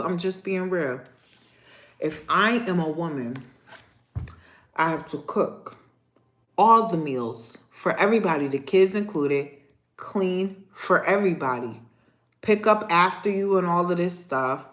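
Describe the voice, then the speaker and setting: A young adult woman, hosting a casual livestream and ranting to her viewers in a sassy, animated way. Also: fairly low pitch, measured pace. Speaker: livestream host. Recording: echoey room.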